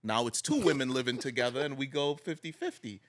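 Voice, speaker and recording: A man co-hosting a podcast in casual chat, teasing the others and quick to laugh. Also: medium pitch, animated. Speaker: podcast co-host.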